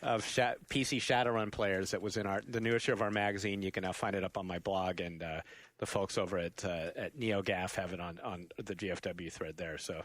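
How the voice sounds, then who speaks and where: A man co-hosting a casual gaming podcast, chatty and quick to laugh with joking asides. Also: low voice, fairly even intonation, a bit bright, dry recording. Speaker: podcast host.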